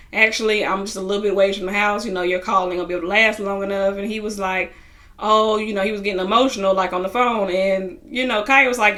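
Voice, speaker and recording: Chatty woman recapping a reality show, bright forward voice, loads of "you know". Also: medium pitch. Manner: chatty, retells scenes in quoted voices, many fillers. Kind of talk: casual recap vlog.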